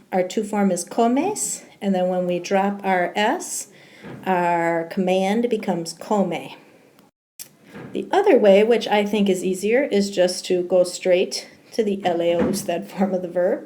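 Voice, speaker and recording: A woman's voice: medium pitch, a little mellow. Woman walking through a grammar lesson. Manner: explains step by step, with frequent ums. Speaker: Spanish teacher. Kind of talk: recorded slideshow grammar lesson.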